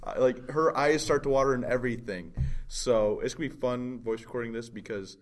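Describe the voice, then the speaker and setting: A man's voice: medium pitch, brisk. A man co-hosting a podcast, chatting casually and joking with friends. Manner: joking, playful banter. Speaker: podcast co-host. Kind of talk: casual chat.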